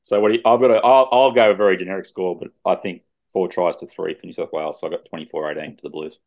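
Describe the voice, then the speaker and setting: A man's voice: sits low, fairly even intonation, fast, darkish tone. A man co-hosting a rugby league podcast over a video call, chatting casually with laid-back, joking banter. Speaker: podcast co-host. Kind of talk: casual sports chat.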